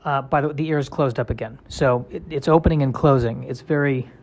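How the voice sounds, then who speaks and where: A man's voice: mid-range voice, a little fast, a little mellow. A male comedian in a casual solo monologue, rambling and self-deprecating with a wry tone.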